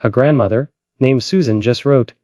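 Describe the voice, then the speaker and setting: A man hosting a commentary show, speaking with urgent, dramatic emotion. His voice is dark and mellow. The sound is dry and close, with no room around it. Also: mid-range voice, normal speed, no echo. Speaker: host. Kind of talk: impassioned political commentary.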